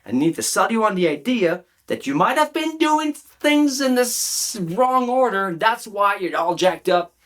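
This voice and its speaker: Animated male speaking coach, lively pitch. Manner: emphatic, animated, talks straight to the viewer with quick check-in questions. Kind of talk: direct-to-camera coaching talk.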